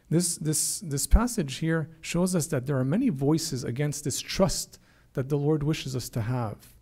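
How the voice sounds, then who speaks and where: A man's voice: a little high, a little slow, a little mellow, breathy edge. A man preaching a sermon with earnest emphasis, often repeating his words and lifting his voice for quoted prayers. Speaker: priest.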